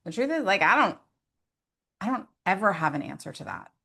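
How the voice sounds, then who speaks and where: A woman's voice: medium pitch, big pitch swings, brisk, vocal fry, bright, forceful tone, husky. A woman giving parenting advice in an earnest, conversational way, often adding "like" and "right?" as asides. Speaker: behavior specialist.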